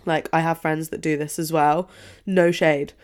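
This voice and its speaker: A woman's voice: flat delivery, normal speed, darkish tone. A young woman chatting casually and at length, filling her talk with "like" and acting out her own past words. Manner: rambling, heavy use of "like", acts out quotes in a higher voice. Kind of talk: casual confessional chat.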